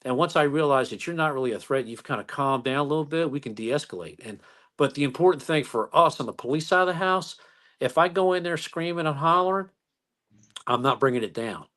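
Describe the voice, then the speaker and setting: A man, a police officer and interview guest, telling stories in a calm, unhurried way. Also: on the high side. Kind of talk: casual chat.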